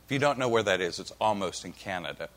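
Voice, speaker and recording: Folksy Oklahoma-raised preacher, wry. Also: male voice, on the low side, expressive, fast, fairly bright tone. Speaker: pastor. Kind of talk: sermon with storytelling.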